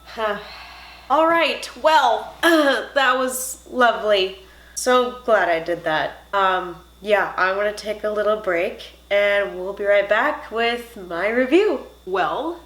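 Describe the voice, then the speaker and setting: A woman's voice: mid-range voice, unhurried. Chatty woman reacting to a movie, roomy. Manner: animated, jokey, squeamish asides. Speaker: movie reviewer. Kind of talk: casual reaction commentary.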